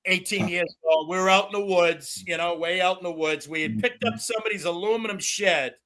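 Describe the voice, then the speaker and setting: A loud, excitable middle-aged man rambling through profane casual chat as a livestream host. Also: high voice, brisk. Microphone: no headphones.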